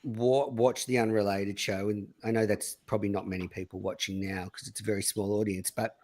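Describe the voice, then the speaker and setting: A man's voice: fairly low pitch, level tone, a little fast, a little mellow. A man hosting a podcast in casual, blunt, profane chat. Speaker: podcast host.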